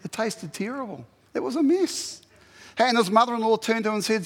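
A man's voice: very high-pitched, expressive, brisk, a bit bright, big-room sound. A man preaching a sermon in a blunt, exhorting way, giving plain commands to his listeners.

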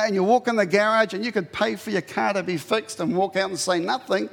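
A man preaches with a fairly high, gravelly voice that has a husky edge. He is earnest and pleading, and his pitch leaps up when he drives a point home. His words ring through a long hall reverb. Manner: earnest, pleading, rises sharply in pitch for emphasis. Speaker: pastor. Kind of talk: sermon.

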